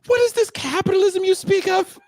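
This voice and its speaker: A man voicing a weary, unimpressed male demon from hell in a deep, muttering comedic bit. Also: fairly quick, darkish tone, no room sound, clean studio sound. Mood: disgusted.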